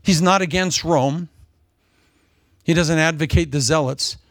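A man preaching a sermon in a lively, jokey way, acting out quotes in different voices. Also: on the high side, measured pace, dry recording, studio quality. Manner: animated, jokey, acts out quotes.

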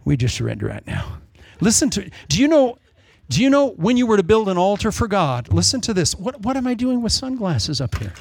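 Lively, excitable preaching man. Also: sits high, a little fast, vocal fry, no room sound. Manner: excitable, with rambling jokey asides. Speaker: pastor. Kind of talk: sermon.

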